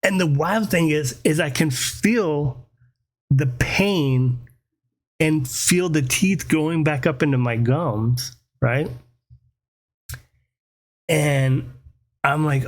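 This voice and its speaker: A man with a slightly higher voice tells a story at an unhurried, drawn-out pace. He is casual and animated and swears freely. He keeps tossing in "right?" to check in with his listener. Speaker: podcast host.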